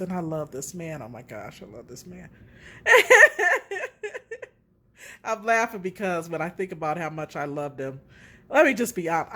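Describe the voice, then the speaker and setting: A middle-aged woman hosting a casual relationship talk, candid and animated as she tells her own story. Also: mid-range voice.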